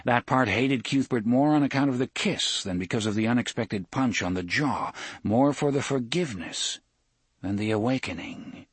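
An audiobook narrator reads a novel aloud in a steady, measured storytelling style. His voice is mid-range and husky, and the recording is dry.

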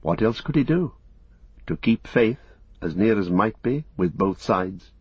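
Male audiobook narrator, measured, low husky voice, dry close sound. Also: lively intonation, no echo. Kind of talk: scripted narration. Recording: dull, muffled recording.

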